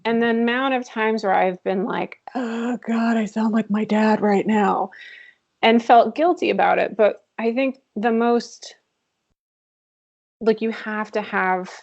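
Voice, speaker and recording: A woman's voice: medium pitch, creaky. A woman guest in a candid interview, talking earnestly and reflectively and laughing often, heard over a video call. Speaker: podcast guest, author. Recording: dull lo-fi call audio.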